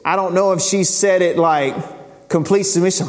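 A pastor delivers a sermon in a conversational, storytelling way, putting scripture into casual everyday speech. His voice sits high with fairly even intonation and a normal pace, and the hall around him is reverberant.

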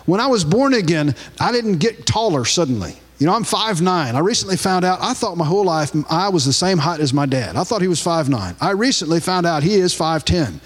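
A man preaching a sermon with a Louisiana accent, telling stories in an animated way and often repeating phrases. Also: high voice, a little fast, few pauses. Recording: long hall reverb.

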